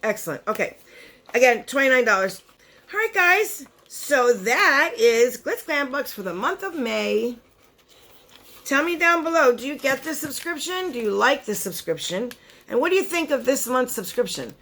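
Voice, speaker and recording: A woman in her forties chatting casually through a beauty box unboxing, excitable and chatty, often gasping and wandering into asides. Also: high-pitched, moderate pace. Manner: chatty and excitable, gasps and laughs, trails off into asides. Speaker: beauty vlogger.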